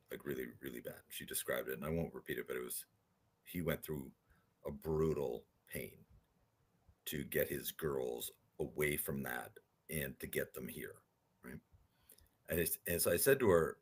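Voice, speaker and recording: A man, a podcast guest, telling animated stories and often asking "right?" as he talks. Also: very deep voice, moderate pace, long pauses, breathy edge. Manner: animated storyteller, rhetorical "right?" tags. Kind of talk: storytelling interview talk.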